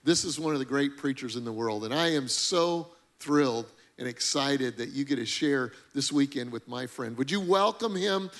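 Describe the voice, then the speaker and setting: A man's voice: mid-range voice, moderate pace, few pauses, fairly bright tone. A man, the church's senior pastor, introducing a guest preacher with enthusiasm from the stage.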